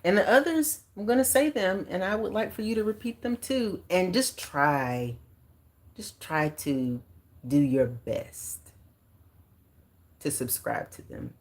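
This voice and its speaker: A woman in her forties with a low-pitched voice hosts a casual livestream. She talks in a lively, animated way, with bursts of excitement and easy slang, and leads her viewers through affirmations. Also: slow. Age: 40s. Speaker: livestream host and author.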